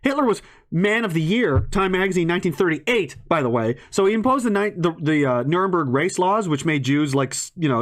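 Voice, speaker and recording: A man's voice: high voice, very animated, a little fast. A man in a ranting monologue to an audience, swearing often, rambling and breaking into laughs mid-sentence.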